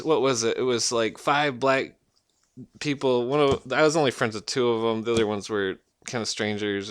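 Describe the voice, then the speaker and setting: A man's voice: medium pitch, fairly bright tone, clean tone, no echo, studio quality. A man rambling through a profane rant at home, swearing constantly, trailing off and restarting his sentences. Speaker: vlogger ranting to camera.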